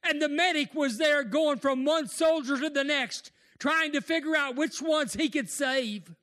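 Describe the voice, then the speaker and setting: A man preaching a sermon, impassioned, rising to shouts and tearful cries. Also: very high-pitched, a little slow.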